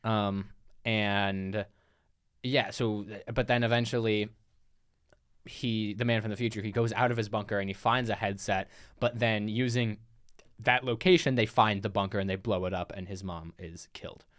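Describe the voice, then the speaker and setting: A man's voice: on the low side, fairly even intonation, normal speed, a bit bright, clear, resonant tone. A man co-hosting a film podcast, recapping a plot in a rambling, casual way with restarts. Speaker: podcast co-host. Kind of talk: casual film review chat.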